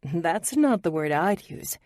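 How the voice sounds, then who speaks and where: A woman's voice: fairly low pitch, expressive, slow pace, a little mellow, no echo, clean studio sound. A woman voicing a tipsy, playful young woman who talks in a gossipy, suggestive way.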